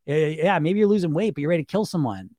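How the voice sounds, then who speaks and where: A fairly high-voiced middle-aged man talks as a weight-loss coach in a loose, emphatic monologue. He stacks fillers, throws questions at the listener and swears casually. The sound is close and dry, with no room in it. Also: animated, fast talker, mellow, dry recording. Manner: chatty, emphatic, repeats fillers, swears casually, laughs often.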